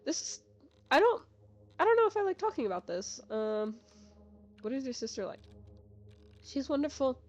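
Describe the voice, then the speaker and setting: A woman's voice: sits high, big pitch swings, moderate pace, long pauses. A young woman giving casual, rambling game commentary, full of fillers, with game music behind. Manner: chatty, filler-heavy, rambling. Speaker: gaming youtuber.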